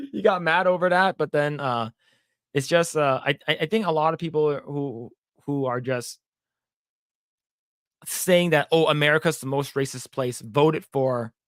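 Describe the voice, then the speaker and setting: Recorded dry with studio quality, a thirty-something man co-hosting a podcast speaks with a fairly high pitch and a fairly bright tone. His casual talk is full of rambling stories, swearing, viewer comments read aloud, and voice impressions for quoted lines.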